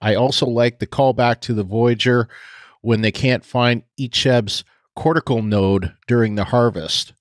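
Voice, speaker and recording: A man's voice: mid-range voice, unhurried, no room sound, studio quality. A man co-hosting a podcast, chatting casually, laughing often and trailing off with fillers. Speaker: podcast co-host.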